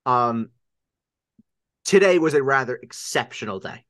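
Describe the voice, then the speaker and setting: A man's voice: medium pitch, lively intonation, unhurried, fairly bright tone, no room sound, studio quality. A man with a Long Island accent co-hosting a casual sports podcast, enthusiastic and prone to stammering repeats. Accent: Long Island New York. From Long Island, New York. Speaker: podcast co-host.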